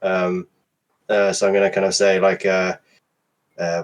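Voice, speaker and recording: A man's voice: low-pitched, monotone, unhurried. A man playing in a tabletop game, joking around with a laid-back, hesitant way of talking. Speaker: player.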